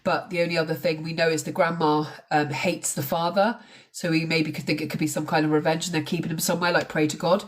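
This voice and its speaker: A woman's voice: low-pitched, flat delivery, fast. A woman talking casually on a live stream about a crime case, chatty and blunt, with the odd swear. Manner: chatty, swears, mocks accents.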